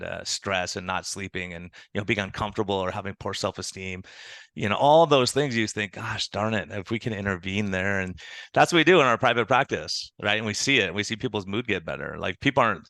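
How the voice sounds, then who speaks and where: A man, an internal medicine doctor, telling animated stories as a podcast guest and acting out the people he quotes. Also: lowish voice, vocal fry, no room sound. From United States. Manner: animated storytelling with quoted dialogue. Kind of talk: conversational interview.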